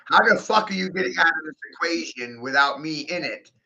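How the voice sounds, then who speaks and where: A man's voice: a little high, brisk, vocal fry, bright, forceful tone, highs cut off. A man delivering a rambling, profane monologue, breaking into laughter often and talking with intensity. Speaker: video host.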